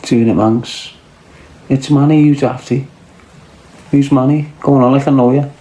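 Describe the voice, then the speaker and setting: A man's voice: mid-range voice, fairly even intonation, a little slow, mellow, reverberant. A man with a Scouse accent hosting a casual livestream, trading crude, swearing, mocking banter with his chat. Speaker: livestream host reading chat.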